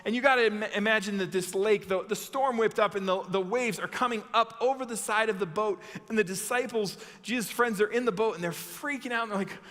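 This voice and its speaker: Lively bright-voiced young male youth pastor. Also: high-pitched, brisk, few pauses, big-room sound. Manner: animated, acts out the story with shouted quotes. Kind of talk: youth sermon with Bible reading.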